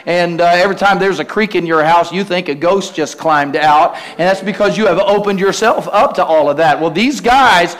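A male pastor preaching a lively sermon, calling out to the congregation and acting out the voices of the disciples. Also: sits high, brisk, hardly any pauses. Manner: preachy, call-and-response, acts out voices of the disciples.

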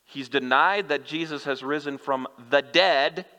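A man's voice: a little high, a little slow, pushed and bright. A male pastor preaching a sermon, speaking earnestly and directly to his listeners. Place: church sanctuary. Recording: long church hall reverb.

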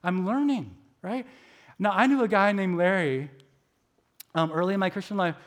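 A man with a high voice, middle-aged, gives a sermon that sounds like a friendly chat. He is self-deprecating and fills his talk with little likes. He acts out his own inner voice as he tells his stories. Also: normal speed. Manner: chatty, self-deprecating, many filler likes; animated storytelling with acted inner voices. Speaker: preacher. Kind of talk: conversational sermon.

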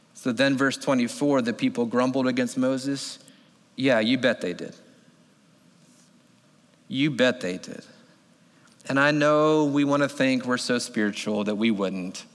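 A man in his thirties preaching a sermon as a pastor, telling the story with animated delivery and acting out voices. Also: mid-range voice, unhurried, long pauses. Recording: long hall reverb.

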